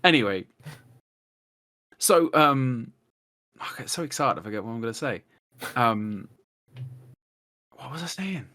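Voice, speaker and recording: An English man of average pitch talks on a podcast, piling story onto story with excited restarts. He swears freely and laughs at himself. His voice comes through a cheap microphone over a video call. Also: unhurried, long pauses. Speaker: podcast guest. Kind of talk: casual chat. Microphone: cheap desktop mic on a video call.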